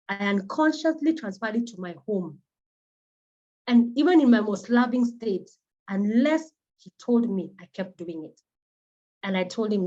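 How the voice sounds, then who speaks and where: A Kenyan woman psychotherapist, a native Kimeru speaker, giving an animated and earnest talk built around personal stories. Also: medium pitch, normal speed, lo-fi sound. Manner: animated, acts out quoted voices, earnest.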